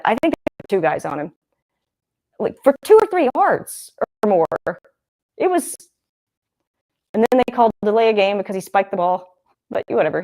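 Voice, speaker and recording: A young woman talks her way through a live football broadcast. She rambles and thinks out loud and keeps circling back to the action on screen. She sounds like a casual livestream host. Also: mid-range voice. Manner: chatty and rambling, thinking aloud. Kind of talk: casual live game commentary.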